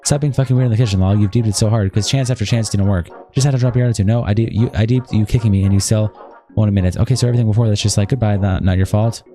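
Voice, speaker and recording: A man on a livestream reads out a quarrel straight from a document. His voice sits low and mellow, and he rattles through the lines at great speed, swearing as he goes. Soft music plays faintly behind him. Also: fairly even intonation. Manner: rapid, run-on reading with heavy swearing. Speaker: streamer. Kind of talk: reading an argument aloud from a document.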